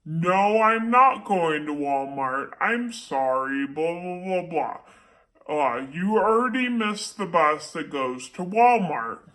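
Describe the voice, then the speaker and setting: A weary adult male bus driver, put on by a woman telling a story, drops his voice well below her own and lets each word drag. His tone is bright and a little thin. He sounds sorry but plainly can't be bothered. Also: fairly low pitch, expressive, pitched below the performer's own voice. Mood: apologetic. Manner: slow, dismissive brush-off.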